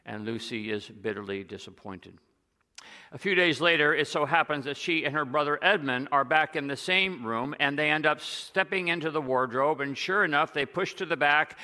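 A man preaching a sermon, retelling stories and dropping to a hush on key lines. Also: fairly high pitch, big-room sound. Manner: storytelling, drops to a soft hush on key lines.

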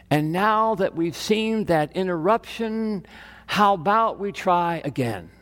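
A man preaching a sermon as pastor, slow and deliberate with long pauses, recorded in a church sanctuary. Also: sits high, lively intonation, long reverb tail.

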